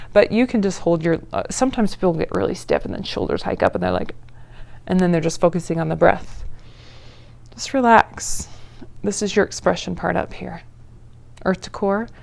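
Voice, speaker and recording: A woman teaching a yoga breathing practice in a casual, encouraging way, with playful asides and breathy demonstration sighs. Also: fairly low pitch, a little mellow. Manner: breathy sighs and drawn-out ahs while demonstrating. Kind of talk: guided yoga class instruction.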